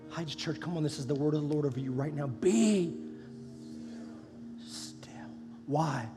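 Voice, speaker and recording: A male pastor preaching a sermon, swinging between loud passionate preaching and soft near-whispers. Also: fairly high pitch, a little fast. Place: church sanctuary. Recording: live hall with long reverb and music underneath.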